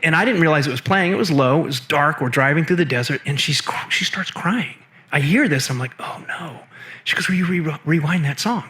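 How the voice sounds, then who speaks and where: A man with a slightly high voice tells a long personal story as an interview guest. He slips into the voices of the people he quotes, and his delivery swings between lively and hushed. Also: brisk. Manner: animated, acts out quoted voices. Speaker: guest, film producer and assistant director.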